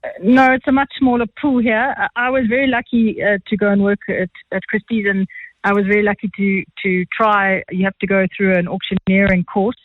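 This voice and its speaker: Fast-talking South African woman on phone. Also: mid-range voice, no echo. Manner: fast-talking, chatty, animated. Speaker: art auctioneer guest. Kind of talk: phone interview, anecdotal storytelling. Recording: tinny phone line, dry.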